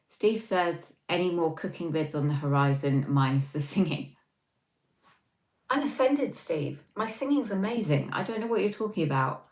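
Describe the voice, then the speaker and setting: A woman's voice: low-pitched, reverberant, rough recording. A woman hosting a casual livestream, reading out chat messages and answering them in a chatty, self-mocking way with many ums. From Scotland.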